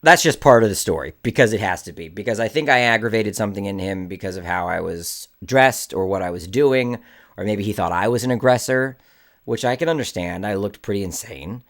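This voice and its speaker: A man speaking in a low register, telling a story to camera in a casual vlog. He is an indie filmmaker and tells it with animated delivery. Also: brisk. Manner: animated, acts out the people in his story.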